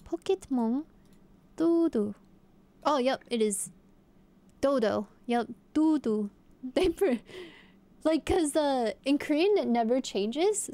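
A young woman streaming, chatting playfully with her viewers as she guesses aloud. Her voice sits a little high, and she keeps it casual and upbeat. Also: lively intonation, takes it slowly, long pauses, dark tone. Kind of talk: casual live-stream chat.

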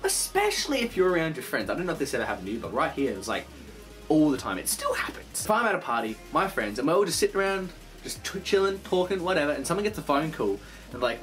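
Fast-talking young man, animated vlog rant. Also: a little high, faint music behind. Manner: animated, swears a lot, acts out phone voices. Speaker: vlogger. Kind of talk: casual rambling monologue. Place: bedroom.

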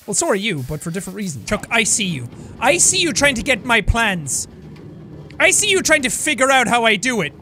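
A man giving excitable let's play commentary, swinging from yelling outbursts to low mutters. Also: fairly quick, slight background noise. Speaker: gameplay commentator.

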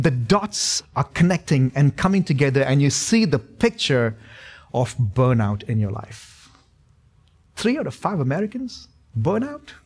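A male pastor in his thirties preaching a sermon in a church, emphatic and repetitive, with touches of humor. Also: fairly high pitch. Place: church sanctuary.

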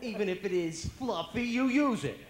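A man's voice: sits high, expressive, moderate pace, some chatter behind, a little hiss or hum, pitched above the performer's own voice. A man voicing a haughty, tough-talking male cat with a Brooklyn accent, brash and dismissive. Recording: echoey banquet hall.

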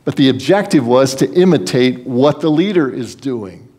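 A pastor preaching a sermon, his voice sitting at a middle pitch for a man. He talks earnestly and conversationally, leaning on folksy asides as he goes. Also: expressive, moderate pace, dark tone, slightly rough.

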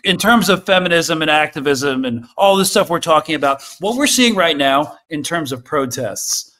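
A man hosting a podcast discussion, feeling his way through his points with fillers and false starts. His voice sits a little higher than most men's. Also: lively intonation, moderate pace, sharp tone. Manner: hesitant, many fillers and restarts. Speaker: podcast host. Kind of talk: casual discussion.

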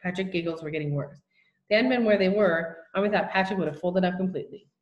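A woman's voice: on the low side, roomy sound, lo-fi sound. Woman reading a children's novel aloud. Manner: plain, unhurried narration with small slips. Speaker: reader.

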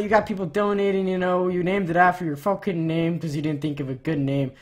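A woman gamer giving profane, excitable gameplay commentary, ranting in loud outbursts while she plays. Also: lowish voice.

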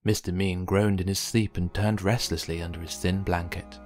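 Low-voiced man reading a kids' book. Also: moderate pace. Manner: gentle, expressive storytelling. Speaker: storyteller. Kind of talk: children's book read aloud. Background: faint background music.

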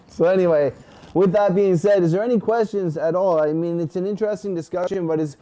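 A man's voice: high voice, normal speed, dark tone. A man in his forties with a Canadian accent, hosting a casual, profane, rambling livestream chat. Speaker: host.

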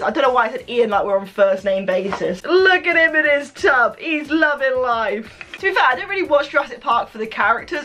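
A young woman filming an unboxing vlog, excitable and gushing, breaking into squeals and laughter. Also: fairly high pitch, a little hiss or hum. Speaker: YouTuber.

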